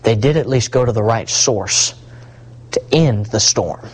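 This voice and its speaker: A man preaching a sermon, swinging between hushed asides and rising, emphatic repetition. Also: on the low side, a little slow, slightly rough, rough recording.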